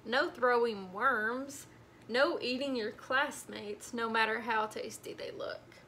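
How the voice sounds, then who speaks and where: A woman librarian reading a storybook aloud to children in an animated way, speaking to them directly. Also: fairly high pitch, slow, a little hiss or hum.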